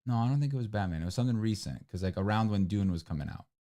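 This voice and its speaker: A young man co-hosting a livestream, chatting casually with lots of fillers and restarts. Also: racing. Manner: rambling, many fillers and restarts, voice jumps high when excited. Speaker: livestream co-host. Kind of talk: casual chat. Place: home livestream room.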